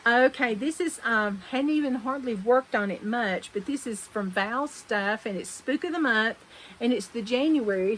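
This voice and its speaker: A woman with a drawl talks through her needlework projects in a relaxed, rambling show-and-tell. Her voice sits a little high, and she often stops to fix what she just said. Faint noise hums underneath. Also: low-quality recording. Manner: chatty, rambling, corrects herself mid-sentence. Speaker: cross-stitch vlogger host. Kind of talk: casual show-and-tell chat.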